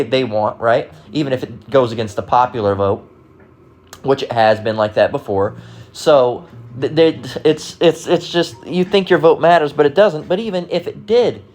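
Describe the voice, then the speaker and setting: A man's voice: medium pitch, darkish tone. A man giving casual, rambling commentary on online comments, talking bluntly and profanely with frequent restarts.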